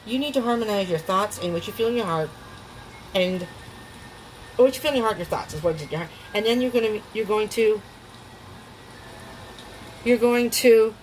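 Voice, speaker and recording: A woman's voice: medium pitch, normal speed, pauses often, a little hiss or hum, poor audio. A woman giving a casual tarot reading at home, chatty and emotional, often laughing and restarting her sentences. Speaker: tarot reader.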